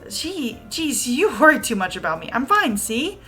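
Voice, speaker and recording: Woman voicing a cheerful schoolgirl, bubbly, high, bright, forced smile. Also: big pitch swings, normal speed, soft background music. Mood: cheery. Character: cheerful schoolgirl club member hiding sadness.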